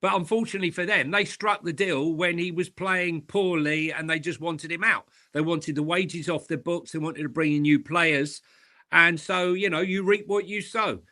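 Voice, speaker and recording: A man's voice: a little high, fairly even intonation, normal speed, bright, forceful tone. A man co-hosting a casual football podcast, blunt and opinionated, repeating himself in banter. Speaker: co-host.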